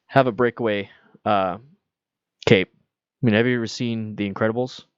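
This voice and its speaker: A man's voice: lowish voice, steady tone, moderate pace, smooth, no room sound, highs cut off. A man hosting a casual livestream Q&A about motorcycles, chatty and loose, reading viewer questions aloud. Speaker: motorcycle channel host.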